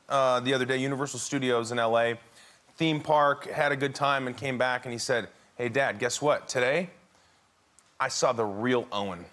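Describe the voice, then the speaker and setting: Bright-voiced man telling a funny story. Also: a little high. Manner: animated storyteller, laughs through lines, acts out his son's and his own words. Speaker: talk show guest. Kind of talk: comic anecdote on a talk show. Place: TV studio with a live audience.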